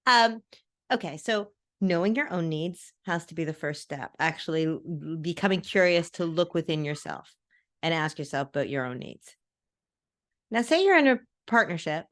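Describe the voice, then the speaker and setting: A woman's voice: low voice, animated, moderate pace. A woman hosting a podcast interview, asking rambling, self-correcting questions. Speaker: podcast host. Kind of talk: casual interview.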